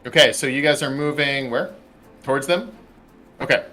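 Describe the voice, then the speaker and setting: A man's voice: medium pitch, normal speed, sharp tone, soft background music. A man narrating as dungeon master for a tabletop game, loose with fillers.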